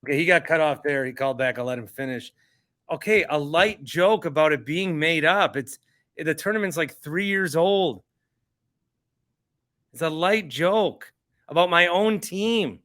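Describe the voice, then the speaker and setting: A man's voice: a little high, unhurried, fairly bright tone. A man hosting a podcast, reacting in casual chat, exasperated and stammering as he repeats himself. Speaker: podcast host.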